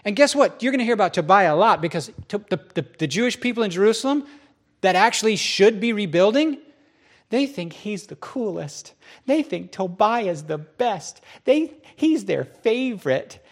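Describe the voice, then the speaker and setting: A middle-aged pastor preaching a sermon, telling stories with lots of voiced quotes. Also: male voice, high voice, moderate pace. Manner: animated storytelling with many voiced quotes.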